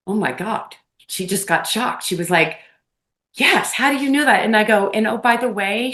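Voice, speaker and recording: A woman guest on an interview, telling personal stories in an effusive, animated way and laughing often, talking over a remote call. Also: mid-range voice. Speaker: podcast guest, medium. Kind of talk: casual storytelling interview. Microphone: phone or remote call.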